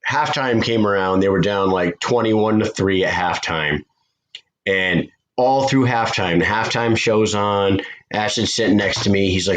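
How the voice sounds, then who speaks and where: A man with a somewhat low voice tells a long story in a loose podcast chat. He swears freely and gets animated as he talks. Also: normal speed, low-quality recording. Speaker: podcast co-host. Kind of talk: casual chat.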